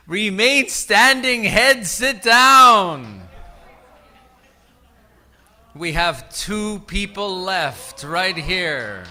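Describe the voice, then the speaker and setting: A man's voice: sits high, very animated, extremely slow, pauses often. A man working as an event emcee, calling out instructions to a crowd and leading games at a summit. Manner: calls out instructions to a crowd, sometimes shouting. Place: large indoor event hall.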